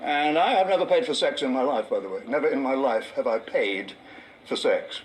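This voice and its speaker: An older English comedian and game show host, telling wry anecdotes and dropping into low mock voices for punchlines. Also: male voice, a little fast, a loud crowd, poor audio. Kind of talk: anecdotal stand-up and reminiscence.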